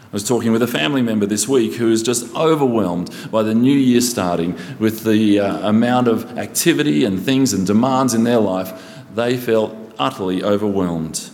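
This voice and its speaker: A man's voice: on the low side, normal speed, a little mellow. A man preaching a sermon as pastor, earnestly asking his congregation rhetorical questions. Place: church. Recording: long church reverb.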